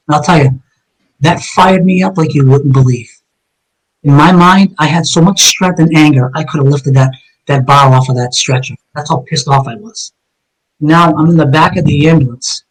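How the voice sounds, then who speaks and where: A man's voice: fairly high pitch, moderate pace, rough recording. A middle-aged man, a guest telling a first-person story in a blunt, profane and intense way. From Northeast US. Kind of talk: emotional first-person account.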